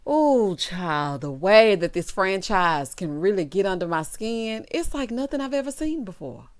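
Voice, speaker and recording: A woman hosts a reality TV recap with sassy, emphatic commentary, calling her viewers honey and child and bursting into loud laughter and exclamations. Her mid-range voice is sing-song and measured in pace.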